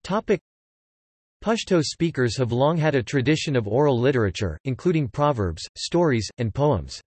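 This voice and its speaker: A man's text-to-speech voice reading an encyclopedia article in an even, mechanical way. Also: mid-range voice, moderate pace, breathy edge, no room sound. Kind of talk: synthetic encyclopedia narration.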